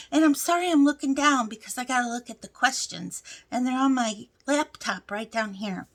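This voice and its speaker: High-voiced chatty woman crochet vlogger. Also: expressive, moderate pace, few pauses. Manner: chatty storyteller, laughs often, folksy asides. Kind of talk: casual chat to camera.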